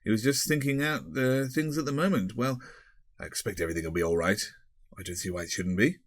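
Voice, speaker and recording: A man's voice: lowish voice, fast talker, dry recording, pitched above the performer's own voice, close to an everyday voice. A man voicing a blunt, weary schoolmaster who talks in an offhand way. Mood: glum. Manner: blunt and offhand, calls people old boy.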